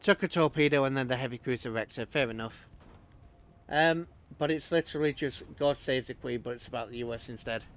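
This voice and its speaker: A man's voice: mid-range voice, a little fast. A man streaming himself playing a strategy game, chatting and reacting aloud to the battle as it unfolds. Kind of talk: live game commentary.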